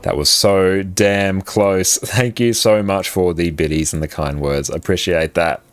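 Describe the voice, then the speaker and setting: A man's voice: low voice, steady tone, a little slow, smooth. An Australian man chatting casually on a live game stream, upbeat and laughing easily as he thanks viewers. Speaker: livestream gamer.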